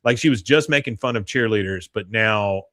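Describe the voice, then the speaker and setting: A podcast host with a fairly low, slightly bright voice talks at a normal speed, close-miked on a live stream with no room sound. He chats casually through a show recap, laughing a lot and dropping plenty of uhs.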